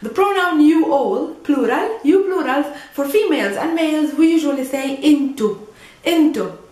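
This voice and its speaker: Palestinian woman, high-voiced Arabic teacher, chatty with learners, roomy echo. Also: expressive, normal speed, darkish tone. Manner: chatty, checks in with frequent "okay?" and "mm?". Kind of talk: casual language lesson.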